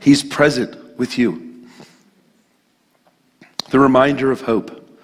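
A man's voice: medium pitch, slow, breathy edge. Casual preaching man, hall reverb. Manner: conversational and emphatic, with casual asides. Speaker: pastor. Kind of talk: sermon. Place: church sanctuary.

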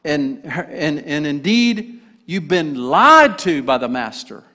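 A preacher voicing a spiteful, accusing male creature who stands for the old nature, speaking slowly and with scorn. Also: on the high side, big pitch swings, pushed and bright, full character voice. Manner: slow, accusing, sneering. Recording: echoey hall.

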